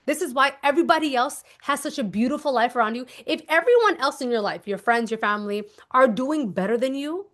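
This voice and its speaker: Woman, manifestation coach, a touch high-pitched, casual and emphatic, repeats her key instructions. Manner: animated, acts out little scenes. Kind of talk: casual teaching monologue.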